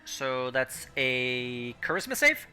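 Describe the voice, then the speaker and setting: A man running a tabletop game as game master, pausing often with ums while he checks the rules. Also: mid-range voice, big pitch swings, bright, forceful tone, soft background music.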